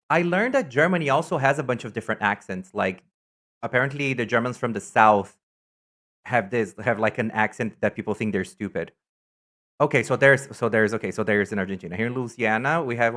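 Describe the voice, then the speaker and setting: A man's voice: medium pitch, fairly bright tone. A man from Brazil with a São Paulo Brazilian accent, a native Portuguese speaker, chatting casually and rambling as he reads viewer comments on a stream.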